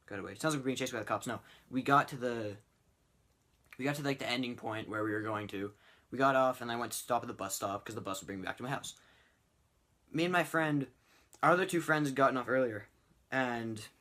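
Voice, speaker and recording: Rambling teenage guy telling a story. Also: medium pitch. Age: teens. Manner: rambling, animated storytelling with frequent fillers. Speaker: vlogger. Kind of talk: casual storytime vlog.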